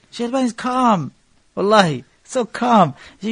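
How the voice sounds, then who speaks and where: A man's voice: high-pitched, moderate pace, gravelly, breathy edge, no room sound. A male preacher, lecturing a gathering and telling stories, with phrases mixed into his English. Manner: mixes Arabic phrases into English, animated storytelling. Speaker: Islamic preacher.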